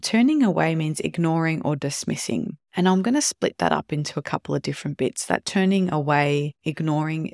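A podcast host talking calmly on their own about relationships and now and then acting out short quoted examples. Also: mid-range voice, creaky, no room sound, studio quality. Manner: calm explanatory, acts out short quoted examples. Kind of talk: solo podcast talk on relationships.

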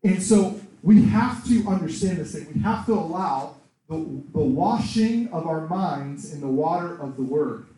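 A man preaching a sermon in a conversational, animated way, acting out quoted voices. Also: on the high side, unhurried. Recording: echoey room, far from the mic.

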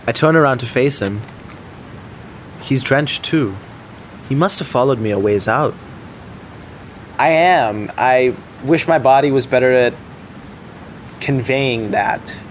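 A man's voice: medium pitch, takes it slowly, long pauses, a little hiss or hum. Man narrating a drama in anxious, self-mocking first person. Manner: anxious, self-deprecating inner monologue. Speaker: narrator and lead character. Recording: faint music underneath.

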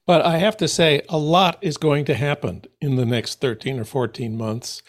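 A man hosting a political discussion, laying out the issues and asking his guest questions in an earnest, drawn-out way. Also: a little high, steady tone. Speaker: host.

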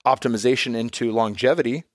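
A man's voice: medium pitch, fast, no room sound, studio quality. A man in his thirties, a podcast guest and father, talking in a candid, reflective way and swearing casually.

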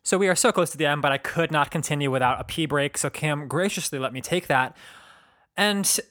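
Young male podcast co-host; bright, slightly high voice; playful banter. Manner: animated, jokey, quick to laugh. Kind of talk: casual chat.

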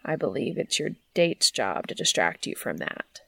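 A woman voicing a shy, formal young man on a first date, speaking low, quiet and close in a soothing way. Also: big pitch swings, moderate pace, vocal fry, dry recording, heavily acted. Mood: gentle. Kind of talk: audiobook reading of fan fiction.

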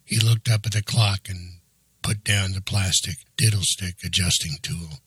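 Low husky guy reading an audiobook, steady and even, super dry close mic. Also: measured pace, no echo. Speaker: narrator. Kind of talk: audiobook narration.

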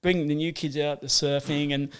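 A man with an Australian accent, a surf photographer chatting as a podcast guest, talking in a blunt, profane, animated way. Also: fairly high pitch, a little fast, clean tone. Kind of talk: casual interview chat.

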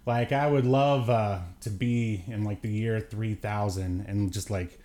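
A man's voice: fairly low pitch, fairly even intonation, measured pace, mellow. A man hosting a podcast in casual chat, joking and laughing often, with plenty of fillers. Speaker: podcast host.

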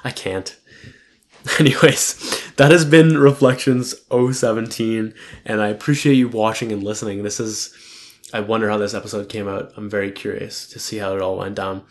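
A man's voice: fairly low pitch, steady tone, brisk. A young man talking casually to camera in a rambling, profane and upbeat reflective monologue. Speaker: vlogger.

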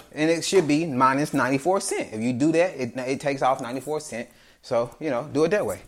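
A man, hosting a podcast and ranting in a casual story about bad restaurant service, acting out each side of the exchange in quoted voices. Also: fairly high pitch. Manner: animated, acts out both sides of the exchange in quoted voices. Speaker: podcast host.

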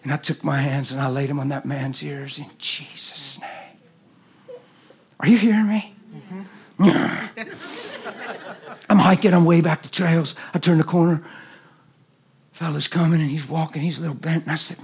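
High-voiced guy preaching in church, super animated, does the voices in his stories. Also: a little slow, long pauses, breathy edge. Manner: animated, swings from loud to hushed. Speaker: guest preacher. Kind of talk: sermon with storytelling. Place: church service.

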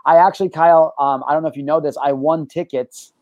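Male live-show host, slightly high-pitched, lively swearing storyteller, dry close sound. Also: fast, dry recording, muffled recording. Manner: energetic, animated storyteller, swears freely. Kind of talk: casual live-stream chat and storytelling.

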